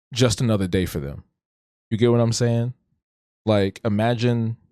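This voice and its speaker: A man's voice: deep voice, a little mellow, no room sound, studio quality. A man hosting a casual livestream, talking reflectively and rambling, often restarting and stuttering. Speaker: streamer hosting an art talk show.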